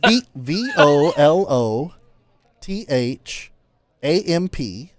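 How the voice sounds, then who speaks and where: A man narrating as game master in a casual, halting way. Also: fairly high pitch, sing-song, no room sound.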